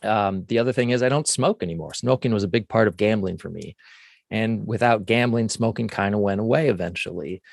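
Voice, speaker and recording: A man's voice: lowish voice, fairly quick, vocal fry, dry recording, studio quality. A man co-hosting a podcast, leading a gambling recovery support meeting in a plainspoken, folksy way. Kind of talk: casual recovery meeting talk.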